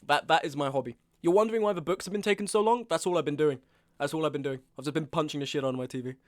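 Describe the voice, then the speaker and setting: A young man in his twenties rants to his stream chat in a fairly high voice, swearing and going over the same complaint again and again. He sounds exasperated and talks casually into his webcam setup at home. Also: very fast. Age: 20s. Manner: exasperated, ranting, swears often, repeats himself.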